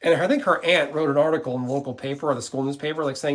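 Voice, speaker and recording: Blunt, cursing man with a higher voice. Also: animated, fast talker, few pauses. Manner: rambling and blunt, with frequent cursing. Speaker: gaming streamer. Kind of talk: casual live-stream chat with viewers.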